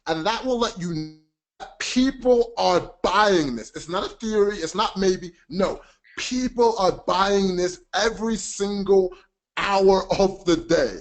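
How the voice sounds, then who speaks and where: A man's voice: high-pitched, a little slow. A man presenting a casual teaching webinar, chatty and emphatic, joking about himself.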